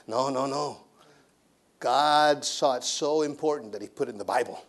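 A man's voice: medium pitch, moderate pace, creaky. A man preaching a sermon as a missionary pastor, with an emphatic delivery that repeats phrases.

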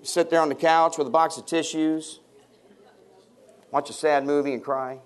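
A man in his fifties, a pastor, preaches to his congregation in church, telling funny stories and bantering with the people in the pews. His voice sits on the high side, with fairly even intonation, a normal speed, and a clean tone.

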